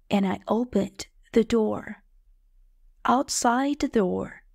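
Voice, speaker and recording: A woman narrates a story in the first person for English learners. Her delivery is plain and clear, at a very slow pace. The sound is close and dry, with no room around it. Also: a little high, a little mellow, no room sound. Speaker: audiobook narrator.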